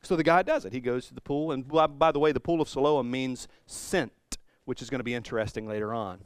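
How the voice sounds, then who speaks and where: A man preaching a sermon, retelling a scripture story with animated swings between quiet and loud passages. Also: medium pitch, brisk, clear, resonant tone, no echo. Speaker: pastor.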